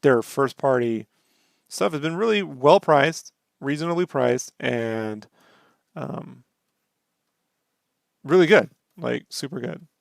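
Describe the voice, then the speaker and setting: Gravelly man, laid-back and joking. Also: mid-range voice, lively intonation, slow pace, pauses often, no room sound, clean studio sound. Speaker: podcast co-host. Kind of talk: casual chat.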